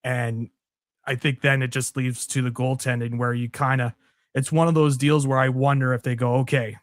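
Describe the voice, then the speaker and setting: A man's voice: medium pitch, little pitch movement, normal speed, no room sound. A man co-hosting a sports show, chatting casually in an easygoing way with dry quips and thinking aloud.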